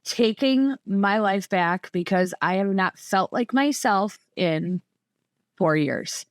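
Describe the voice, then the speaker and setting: A woman's voice: mid-range voice, expressive, slow pace, no room sound. Chatty Midwestern woman, dry close sound. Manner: chatty, rambling, many fillers like "like" and "you know". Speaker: podcast guest, former coaching client. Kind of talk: casual conversational interview.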